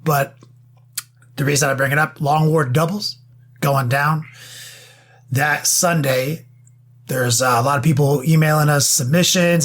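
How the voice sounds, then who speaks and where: A man's voice: fairly high pitch, fairly bright tone. A man co-hosting a podcast, talking in a blunt, offhand way and cursing freely. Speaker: podcast co-host. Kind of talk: casual podcast talk.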